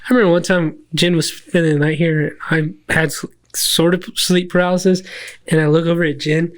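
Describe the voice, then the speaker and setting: A man, a little drunk, telling profane stories in an animated way in a casual podcast chat. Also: a little high, fairly quick. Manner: profane, animated storyteller acting out his own yelling. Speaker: podcast host.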